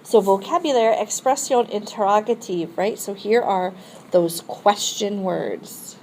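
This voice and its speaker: A woman's voice: medium pitch, unhurried, darkish tone, a little hiss or hum, poor audio. A woman teacher explaining a French grammar lesson step by step and modeling phrases for students to repeat. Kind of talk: recorded classroom lesson.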